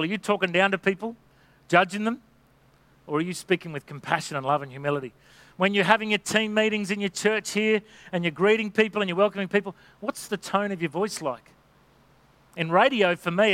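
Earnest high-voiced pastor, bright and dry. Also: male voice, no room sound. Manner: earnest, exhortative, acts out quoted voices. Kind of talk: sermon.

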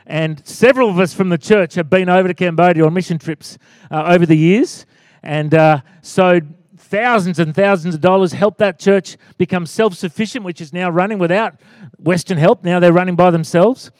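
Animated high-voiced pastor. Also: male voice, moderate pace, no echo, studio quality. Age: 40s. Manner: animated, rising to loud exclaims and calls for amen. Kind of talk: sermon.

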